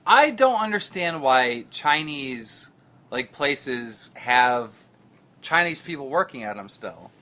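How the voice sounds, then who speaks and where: A man's voice: medium pitch, sing-song, takes it slowly, sharp tone. A man co-hosting a casual podcast, brash and profane, cracking himself up as he riffs. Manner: brash, profane, laughs often. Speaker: podcast co-host. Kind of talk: casual crude podcast banter.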